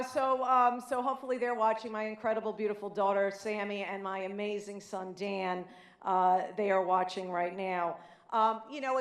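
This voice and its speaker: A woman's voice: medium pitch, roomy sound. A middle-aged woman from New York with a light New York accent, giving a chatty, self-deprecating acceptance speech with many fillers at a banquet. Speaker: award inductee giving a speech. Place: banquet hall.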